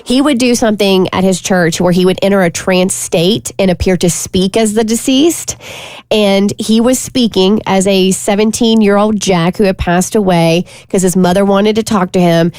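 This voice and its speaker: Woman on a radio show running through her segment, quick and chatty, dry close mic. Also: mid-range voice, a little mellow, dry recording. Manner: brisk, informative, chatty. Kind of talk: casual talk radio segment.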